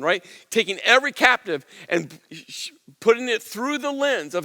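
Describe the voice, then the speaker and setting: High, bright-voiced man preaching in a hall. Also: animated, moderate pace, hardly any pauses. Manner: earnest, conversational preaching with soft low asides and emphatic rises. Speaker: pastor. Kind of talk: sermon.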